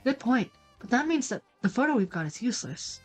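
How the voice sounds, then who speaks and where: A woman playing a cheeky young cop in a video game, bouncy and teasing with his boss. The voice rides high and bright, full of mischief. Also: sing-song, fairly quick, soft background music. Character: young male police officer, cheeky and playful. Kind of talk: reading a video game aloud.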